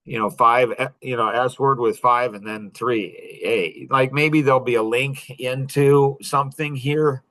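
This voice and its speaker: A man in his sixties hosting a podcast, telling stories in a sarcastic, rambling way with many fillers and big leaps in pitch. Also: steady tone, a little slow, few pauses, a bit bright, low-quality recording. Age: 60s. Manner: many fillers like "like" and "you know". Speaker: podcast host. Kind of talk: casual monologue.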